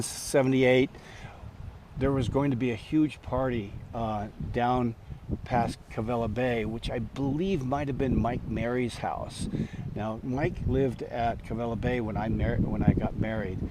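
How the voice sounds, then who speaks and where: A man's voice: mid-range voice, heavy background noise. A man in his sixties telling a story from his past in a casual, rambling way, chuckling, with many fillers and restarts.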